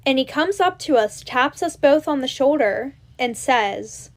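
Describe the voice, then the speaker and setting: Young woman ranting a storytime, blunt and sweary, kinda high voice. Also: lively intonation, measured pace, hardly any pauses. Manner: chatty, blunt, swears freely. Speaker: storytime creator. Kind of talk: casual storytime to camera. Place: in bed at night.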